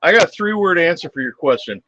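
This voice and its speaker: High, lively sarcastic man. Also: fast, dry recording, muffled recording. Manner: sarcastic, mock-earnest. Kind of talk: casual political chat.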